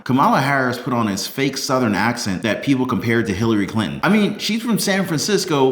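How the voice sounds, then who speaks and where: A man's voice: medium pitch, fairly bright tone. A man hosting a political commentary channel, talking in a mocking, conversational way. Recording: roomy echo.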